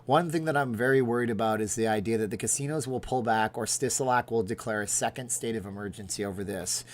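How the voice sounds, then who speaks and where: A man's voice: lowish voice, fast talker, a little hiss or hum. A middle-aged man hosting a casual livestream from Las Vegas, chatting sarcastically and answering viewers' questions. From Las Vegas, Nevada. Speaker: livestream host.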